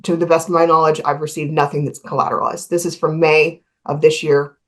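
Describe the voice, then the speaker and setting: A woman's voice: sits low, little pitch movement, brisk. Matter-of-fact woman attorney. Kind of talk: court hearing.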